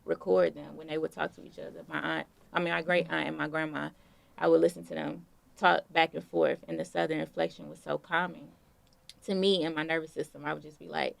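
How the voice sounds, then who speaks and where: A young woman being interviewed, telling stories in a relaxed, casual way with plenty of fillers. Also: sits low, a little fast, creaky, dry recording. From Detroit. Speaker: guest artist.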